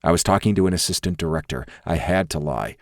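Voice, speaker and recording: A man voicing an earnest male lover, a secret federal agent, pleading in a soft, low, urgent way. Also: expressive, fast, no echo, clean studio sound.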